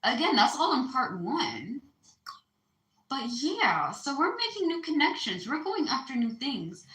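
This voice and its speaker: A woman's voice: high voice, sing-song, a little slow, a bit bright, roomy sound, rough recording. A woman giving a casual astrology card reading, chatty and slangy, calling her listeners baby. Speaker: tarot card reader.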